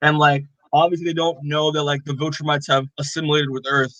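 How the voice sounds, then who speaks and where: A man's voice: a little high, little pitch movement, brisk, fairly bright tone, no echo, dull audio. A man co-hosting a podcast, casually recapping a comic with lots of "like" and acted-out dialogue. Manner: rambling, full of "like" and quoted dialogue. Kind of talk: casual chat.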